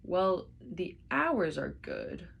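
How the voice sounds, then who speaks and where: A woman voicing a slow-witted hulking alien male guard who speaks slowly and booms in a storybook reading. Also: lively intonation, vocal fry, breathy edge, heavily acted. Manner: slow, dim, booming.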